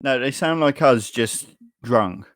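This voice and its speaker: A man's voice: mid-range voice, animated, measured pace, fairly bright tone, dry recording, studio quality. A man co-hosting a casual wrestling podcast from the UK, dropping wry short quips and laughing often. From United Kingdom. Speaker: podcast co-host.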